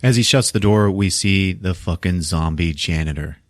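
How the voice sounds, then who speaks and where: A man's voice: deep voice, normal speed, dry recording, studio quality. A man hosting a podcast, casually retelling a film scene by scene with swearing, quoted lines and laughter, speaking into a podcast microphone. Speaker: podcast host.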